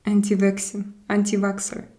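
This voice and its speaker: Answering comments from her audience, a Russian woman with a Russian accent hosts a laid-back live stream and swaps between languages. She speaks at normal speed in a medium-pitched, monotone, mellow voice.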